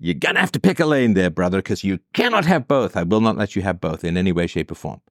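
A man's voice: sits low, lively intonation, quick pace, no room sound, clean studio sound. A man hosting an advice show, answering a listener's letter in a blunt, sarcastic, profane monologue.

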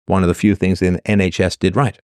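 A man's voice: low-pitched, level tone, brisk, darkish tone, no echo, clean studio sound. A man from England telling a rambling comic story, sardonic and full of exaggeration.

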